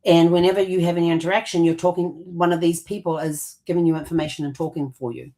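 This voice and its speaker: Woman with a lowish voice, rambling chat. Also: steady tone, fast talker, mellow. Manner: rambling, with many fillers and restarts. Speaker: co-host. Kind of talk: casual conversational explanation.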